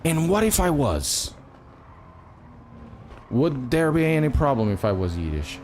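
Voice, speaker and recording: A man's voice: fairly high pitch, sing-song, unhurried, darkish tone, slight background noise. A man from Portugal with a Portuguese accent, chatting with his live-stream viewers as he plays a racing game and swearing freely. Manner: chatty, swears often, talks to chat. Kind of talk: live-stream commentary while gaming.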